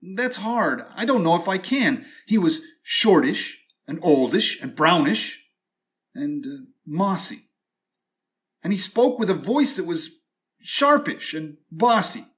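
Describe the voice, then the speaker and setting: A man reading a rhyming storybook aloud with an expressive, drawn-out delivery. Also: high voice.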